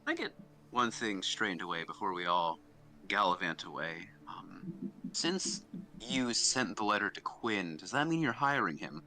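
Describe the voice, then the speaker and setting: A man's voice: sits low, animated, unhurried, pushed and bright, slight background noise. A man playing a tabletop game in character, needling another figure with pointed questions. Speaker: player. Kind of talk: in-character role-play.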